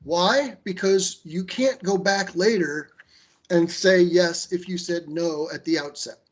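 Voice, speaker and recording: Male trainer on a video call, slightly high voice, chatty and full of "uh"s, gives firm recommendations. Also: takes it slowly. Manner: conversational, with many fillers and restarts. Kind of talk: online training presentation.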